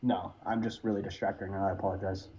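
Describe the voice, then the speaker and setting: A man's voice: low voice, level tone, quick pace, warm tone, slight background noise. A man calling into a live stream debate, distracted and apologetic, swearing casually as he talks. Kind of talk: casual argumentative chat. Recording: dull lo-fi call audio.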